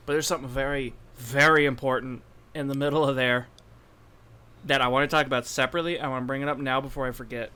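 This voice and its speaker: A man's voice: on the high side, fast, bright, forceful tone. A young man co-hosting a casual podcast, talking in rambling, self-interrupting bursts. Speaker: podcast co-host. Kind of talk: casual anime podcast chat.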